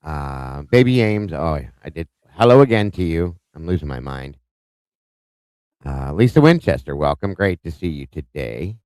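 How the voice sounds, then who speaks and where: Hosting a live true-crime stream, this man has a smooth, clear, deep voice with big pitch swings at normal speed. Upbeat and chatty, he welcomes viewers individually, reading out names warmly with little stumbles, in a close, dry recording with no room sound.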